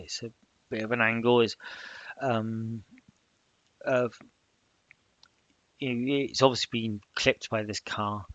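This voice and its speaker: Slow, halting man narrating a solo game. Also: lowish voice, a bit bright, dry recording. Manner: halting, with many fillers. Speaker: solo tabletop game player. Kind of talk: solo role-play narration.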